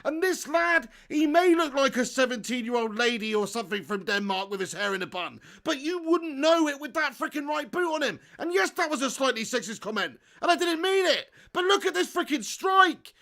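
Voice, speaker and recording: A man hosting a live football watch-along, reading viewer chat aloud, swearing freely and bursting into shouts at big moments. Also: very high voice, lively intonation, brisk, creaky, hardly any pauses. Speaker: fan channel host. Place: home setup in front of a green screen.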